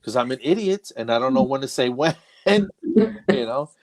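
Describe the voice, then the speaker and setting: A man's voice: mid-range voice, expressive, normal speed. A middle-aged man, a comedian, telling a long story in casual chat, mocking himself and laughing as he goes. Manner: self-deprecating, laughs through his stories. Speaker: comedian guest.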